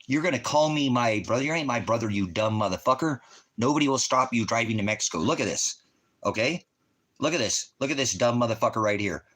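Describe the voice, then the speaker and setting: Angry guy on a livestream cussing out someone in chat, sharp forceful voice. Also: medium pitch, lively intonation, brisk. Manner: profane, confrontational, yelling accusations. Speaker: livestream host, veteran. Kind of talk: livestream rant at a chat viewer.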